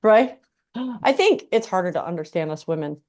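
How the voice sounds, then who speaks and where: A woman's voice: on the low side, expressive, normal speed, darkish tone. A woman hosting a casual interview, chatty and affirming as she responds to her guest. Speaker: podcast host.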